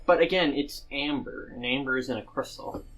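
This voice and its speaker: A man's voice: mid-range voice, moderate pace, fairly bright tone, poor audio. A man playing a tabletop game, chatting casually, joking and swearing offhandedly. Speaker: player.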